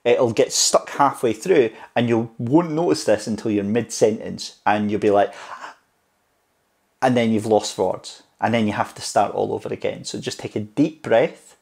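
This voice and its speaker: A man's voice: on the low side, creaky, a little mellow. A man giving casual, encouraging tips on speaking to camera in a vlog. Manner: chatty and encouraging, speeds up and slows down for emphasis. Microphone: clip-on mic on camera tripod.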